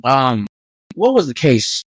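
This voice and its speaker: A young man, telling stories as a podcast guest in a lively way and acting out the voices he quotes. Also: medium pitch, slow, no echo. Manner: animated, acts out quoted voices. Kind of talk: casual storytelling.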